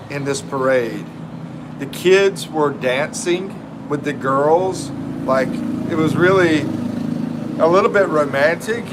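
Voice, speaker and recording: A middle-aged man with a drawl hosts a relaxed live stream. He chats loosely with viewers and greets them by name, his voice sitting a little higher than most men's. Loud air-conditioner hum and traffic noise run under him. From North Carolina, US. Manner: laid-back, chatty, greets viewers by name. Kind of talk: casual live-stream chat.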